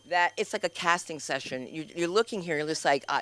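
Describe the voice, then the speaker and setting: A woman's voice: fairly low pitch, a little fast, few pauses, a bit bright. A woman emceeing an open mic at her small comedy club, chatty and upbeat with self-mocking asides.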